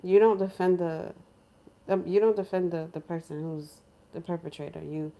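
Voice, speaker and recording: A woman from New York, a lifestyle vlogger, telling a story in casual chat in her home kitchen, animated and laughing, acting out other people's voices. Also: lowish voice, moderate pace, vocal fry. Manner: animated, laughing, acts out crying voices in quotes.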